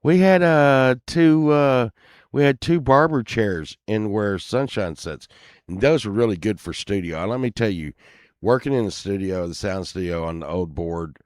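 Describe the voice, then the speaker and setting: A streamer with a lowish, darkish, clean-toned voice talks at a moderate pace in a dry recording from his home studio. He rambles through a crude story to his live chat, full of fillers and restarts.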